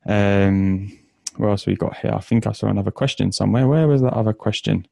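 Man, casual livestream Q&A, low voice, chatty storyteller, lots of ums, dry close mic. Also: fairly even intonation, vocal fry, mellow, dry recording. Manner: quick, chatty storytelling with many fillers. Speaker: author and life coach.

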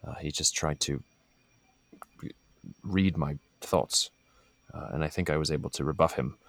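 A man playing a tabletop game, speaking formally and in a measured way in character. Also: very deep voice, creaky, dry recording. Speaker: player.

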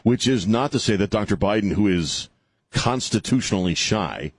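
A man's voice: fairly low pitch, expressive, moderate pace, slightly rough, dry recording. A man hosting an opinionated political talk show, sarcastic and mocking, rambling with many fillers.

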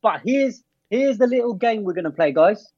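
A man's voice: high-pitched, lively intonation, moderate pace, dull audio, a crowd in the background. A man co-hosting a podcast, playful and quizzing the others in casual banter. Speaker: podcast co-host.

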